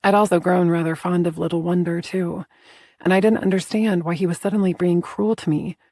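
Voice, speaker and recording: A woman narrating a first-person romance audiobook in a soft, intimate storytelling manner. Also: fairly low pitch, steady tone, brisk, no echo, clean studio sound.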